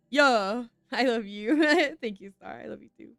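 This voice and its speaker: A woman's voice: on the high side, moderate pace, gravelly, few pauses, a bit bright, no echo. A young woman streaming a video game, chatting casually, swearing now and then and reading game text aloud. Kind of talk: casual gameplay commentary. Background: game music.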